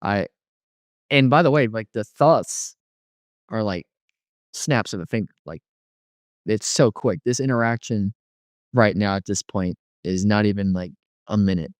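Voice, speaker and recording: A man's voice: lowish voice, measured pace, pauses often, dry recording, clean studio sound. A man casually telling a personal testimony, rambling with many fillers and restarts. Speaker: guest telling a near-death story.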